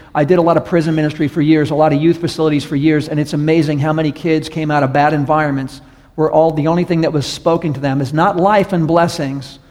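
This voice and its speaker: A man preaches to his congregation with a slightly high voice, moving easily into stories and playing the people in them. His voice rings out with the long reverb of a large church sanctuary. He talks in a direct, conversational sermon manner. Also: a little mellow. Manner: storytelling, acts out voices in stories. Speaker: pastor.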